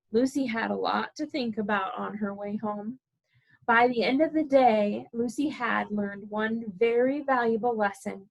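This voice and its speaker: A woman librarian reading a picture book aloud to preschoolers, animated and playful, asking the children questions as she goes. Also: fairly high pitch, a little slow, vocal fry, low-quality recording.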